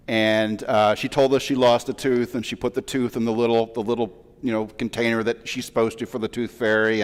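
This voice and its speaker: A man in his forties, a rabbi, giving a sermon as a relaxed, self-deprecating story full of asides. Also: medium pitch, smooth. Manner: chatty, self-deprecating, with many fillers and asides. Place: large synagogue sanctuary. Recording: long reverb of a large hall.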